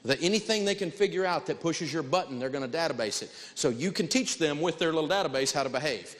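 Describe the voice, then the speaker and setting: A man's voice: a little high, animated, fast talker, long reverb tail. A man teaching personal finance to an audience, blunt, emphatic and folksy. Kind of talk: lecturing an audience.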